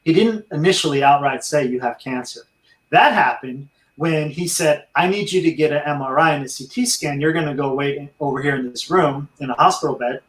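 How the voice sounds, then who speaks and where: A man's voice: on the high side, brisk, a bit bright, roomy sound, low-quality recording. A middle-aged man, a veteran and dog trainer, telling his life story in an interview and speaking earnestly to listeners. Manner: earnest, addresses listeners as friends.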